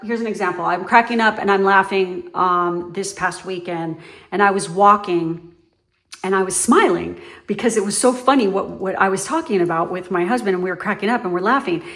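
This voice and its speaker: A woman's voice: mid-range voice, normal speed. A woman giving her viewers a casual, foul-mouthed pep talk as a tarot reader, blunt and emphatic. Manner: blunt and profane, emphatic, swings between loud and soft.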